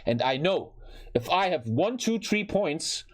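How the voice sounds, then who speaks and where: This gamer-streamer has a German accent and a voice on the high side, and he speaks unhurriedly as he recounts something from his own life. Animated and loose, he swears frequently and repeats phrases to drive points home.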